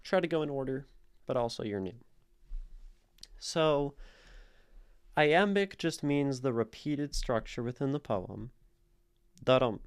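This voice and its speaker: A man's voice: mid-range voice, clean tone. A man streaming live, casually explaining poetic meter and sounding out the stress in words as he thinks aloud. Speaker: streamer analyzing poetry.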